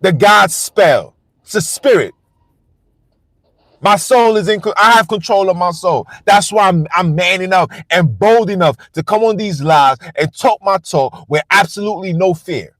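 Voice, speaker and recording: A man's voice: high voice, moderate pace, fairly bright tone, no room sound. A man hosting a live stream, delivering a blunt, defiant and profane rant that hammers the same phrases over and over. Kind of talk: ranting monologue on a live stream.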